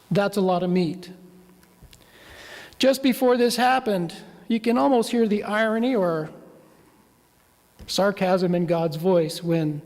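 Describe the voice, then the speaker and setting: A male minister tells the story at an easy, unhurried pace, asking his congregation questions as he goes. His voice sits high for a man. The sound carries the long reverb of a church hall. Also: darkish tone. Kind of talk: sermon with map.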